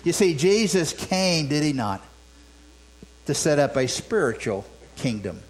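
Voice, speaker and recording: A man's voice: a little high, big pitch swings, a little slow, poor audio. A man preaching a sermon in a conversational way, with many restarts and rhetorical questions. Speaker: pastor. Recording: mains hum.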